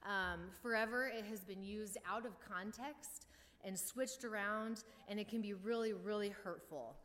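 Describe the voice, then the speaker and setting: A woman delivers a sermon in a relaxed, conversational way, dropping wry jokes between points. Her voice sits at an ordinary middle pitch for a woman. A long reverb trails behind her words, as in a church. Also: unhurried. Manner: casual and wry, with joking asides. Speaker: preacher.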